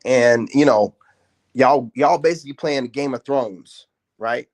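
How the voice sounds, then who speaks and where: A man delivering a confrontational, mocking commentary rant in slangy speech, his voice climbing higher in heated outbursts. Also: measured pace, a little mellow. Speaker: self-help commentator. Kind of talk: ranting commentary.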